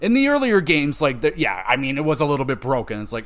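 Podcast host, man, casual and profane, lively storyteller who acts out quotes. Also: mid-range voice, quick pace, hardly any pauses.

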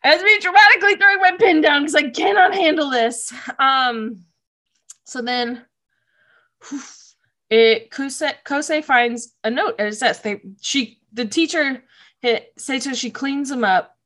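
Woman host, slightly high voice; casual, gushing recap with lots of laughs and fillers. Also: a little slow, bright, forceful tone. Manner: emotional, gushing, laughs often, many likes.

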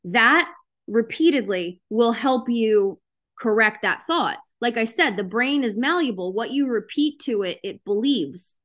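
Woman, somewhat high-pitched, casual motivational talk, frank, chatty, video call. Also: lively intonation, unhurried, a bit bright. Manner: frank, chatty, with lots of fillers. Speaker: host of a self-help session.

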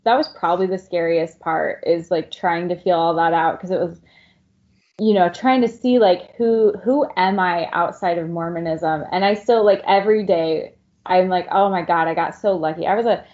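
A woman's voice: on the low side, normal speed, a little mellow. A middle-aged woman in casual podcast chat, talking frankly and swearing freely, with lots of likes. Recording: dull lo-fi sound.

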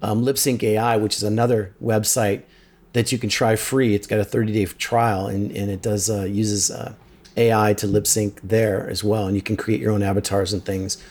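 A man with a lowish voice co-hosts a casual tech podcast. He talks eagerly and recommends things with plenty of enthusiasm. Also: little pitch movement, moderate pace, a little mellow. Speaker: podcast co-host.

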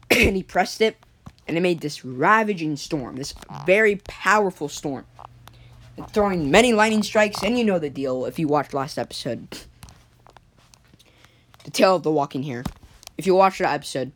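A woman telling an improvised sci-fi story, rambling with many restarts, a cough, and frequent throat clearing. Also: on the low side, expressive, normal speed, long pauses.

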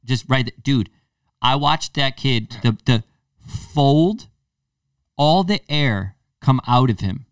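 Telling stories on his podcast, a man slips into character voices during a casual, animated chat. He speaks slowly in a clean, medium-pitched tone, recorded at studio quality with no room sound, though he sits far from the mic.

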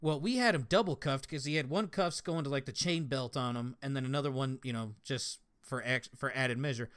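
A man's voice: medium pitch, a bit bright. A young man from Colorado telling stories in casual podcast chat, swearing freely and laughing as he talks. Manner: profane, laughing storyteller. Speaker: podcast guest, former prison guard.

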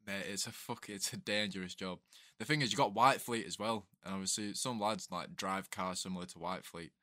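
Lower-pitched male co-host, bright tone, relaxed army banter. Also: a little fast, no echo, studio quality. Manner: laid-back, sweary army banter. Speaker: podcast co-host, ex-soldier. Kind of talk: casual chat.

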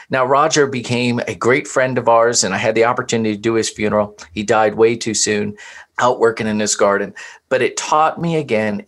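A man's voice: on the low side, a bit bright. A man from Florida, a pastor, sharing personal testimony in conversation with an earnest, preacherly storytelling manner.

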